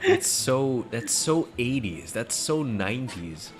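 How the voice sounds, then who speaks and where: A man's voice: mid-range voice, sing-song, takes it slowly. A man co-hosting a gaming video, joking and bantering in casual chat during a playthrough. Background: game music.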